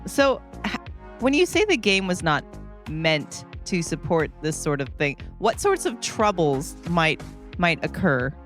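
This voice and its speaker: A woman's voice: on the low side, sing-song, unhurried, soft background music. A woman co-hosting a charity stream, giggly and hesitant with many ums, reading donations and interviewing a guest. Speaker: stream co-host. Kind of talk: casual live-stream hosting.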